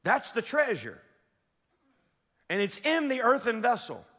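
A man's voice: very high voice, wildly swooping pitch, a little slow, a bit bright. A man preaching a sermon as pastor, talking in a conversational, emphatic way with asides to the congregation. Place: church sanctuary. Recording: long reverb of a large hall.

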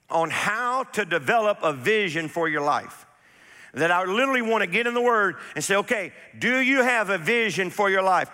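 A male pastor preaches a sermon in a high, bright, ringing voice, speaking emphatically, repeating key phrases, and calling out for the congregation to respond. A long reverb fills the sound, like a church hall.

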